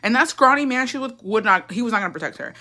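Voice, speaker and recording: Pushed and bright, her expressive voice runs on the high side at a quick pace. This young livestream host spins a swearing-filled, gossipy family story in casual storytime style, with laughs and Spanish woven into her English.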